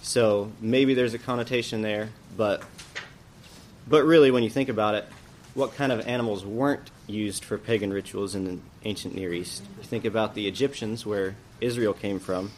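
A man's voice: lowish voice, moderate pace, darkish tone, slight background noise. Man teaching a church Bible lesson. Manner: explanatory, thinking aloud with questions. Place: church classroom.

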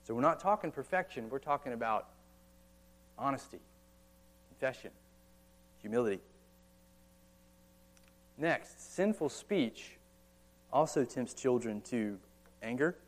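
In a church or meeting hall, a thirtysomething pastor from the United States delivers a sermon in an easy, conversational style full of rhetorical questions and offhand asides. His mid-range voice is expressive and unhurried, with frequent pauses.

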